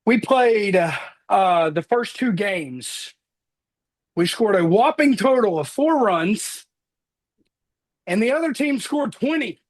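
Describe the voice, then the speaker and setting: A man's voice: high-pitched, takes it slowly, long pauses. Earnest man in his thirties, motivational. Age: 30s. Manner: earnest, energetic storytelling. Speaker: motivational speaker. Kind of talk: motivational talk with personal stories.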